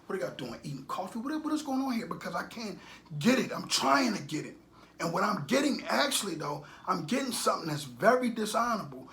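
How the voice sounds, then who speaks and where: A middle-aged man giving animated street-talk commentary, preachy and repetitive, firing off rhetorical questions and swinging between loud bursts and low muttering. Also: gravelly. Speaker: commentator on a social media channel.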